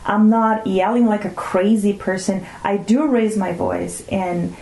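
A woman's voice: medium pitch, measured pace, creaky, reverberant, rough recording. A middle-aged woman whose first language is Portuguese, a guest telling family stories in casual conversation and acting out the voices. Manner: animated storyteller acting out family dialogue.

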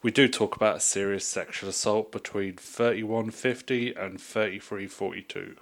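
A man's voice: lowish voice, steady tone, normal speed, creaky. A man co-hosting a political podcast in casual chat, dropping dry, sarcastic quips. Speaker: podcast co-host.

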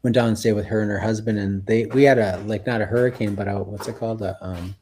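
A man's voice: lowish voice, steady tone, fast, warm tone, a little hiss or hum. A man around sixty, a health guest on a radio talk show, telling stories in a rambling way full of fillers. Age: about 60. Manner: rambling, full of "like" and "you know". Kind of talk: casual radio chat.

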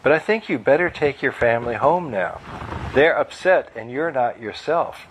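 A man's voice: medium pitch, expressive, normal speed, noisy background, close to an everyday voice. A man reading aloud, voicing a worried woman who firmly tells a guest to leave. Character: worried adult woman, firm mother protecting her family. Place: live bookstore reading.

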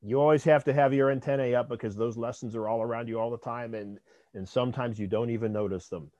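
A man's voice: mid-range voice, steady tone, quick pace, warm tone, no echo, muffled recording. A man hosting a podcast interview, affirming and summing up his guest's points. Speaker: podcast host. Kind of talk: interview conversation.

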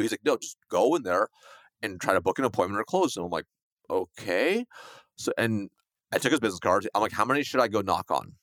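A man telling a sales story in a lively, fast conversational way, acting out the voices of the people in it. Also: lowish voice, no echo, studio quality. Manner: fast, animated, acts out quoted dialogue. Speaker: guest, sales coach.

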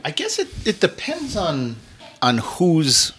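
A man's voice: on the high side, wildly swooping pitch, slow pace, fairly bright tone, a little hiss or hum. A man hosting a casual film discussion podcast, talkative and laughing often. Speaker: podcast host.

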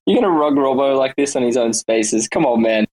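A man's voice: mid-range voice, lively intonation, brisk, a little mellow, poor audio. Joking, teasing man in casual chat. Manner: joking, teasing, playfully scolding.

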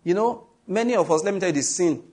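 A Nigerian man preaching with a Nigerian accent, his voice a little raised in pitch and husky around the edges. He drives his points home emphatically, reads scripture at a slow, deliberate pace and trades jokes with the congregation. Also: expressive, a little mellow. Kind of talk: sermon.

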